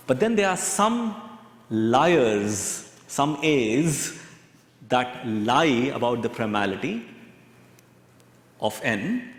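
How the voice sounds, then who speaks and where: A man giving a university lecture, halting and repeating himself, often checking that the class follows. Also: mid-range voice, sing-song. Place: large lecture hall. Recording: echoey lecture hall recording.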